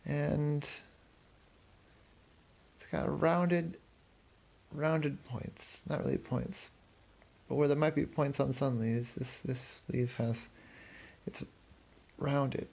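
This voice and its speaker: A man's voice: a little high, fairly even intonation, slow pace, creaky, long pauses, darkish tone, slightly rough, heavily acted. A man voicing a small, worried, sleepy butterfly that frets and repeats itself. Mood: explaining. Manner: fretful, repeats itself anxiously.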